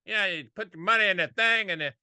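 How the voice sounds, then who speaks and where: A folksy, unhurried Southern gentleman from Charleston, as a man puts him on, stretching his words in a thick Southern US drawl and pausing over them. The voice is bright and forceful, and it sits slightly high. The sound is dry and close. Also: clean tone, no echo.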